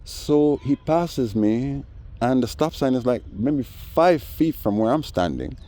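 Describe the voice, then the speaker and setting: A man telling a story in a casual monologue, animated and acting out the voices of others. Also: mid-range voice, takes it slowly. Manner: animated, acts out voices in quoted dialogue. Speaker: vlogger.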